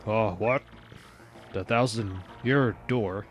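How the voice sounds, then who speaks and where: A man's voice: on the low side, takes it slowly, lo-fi sound. Bowser, a man voicing a boastful villain king. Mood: indignant. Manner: boastful, shouting. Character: blustering male turtle king villain.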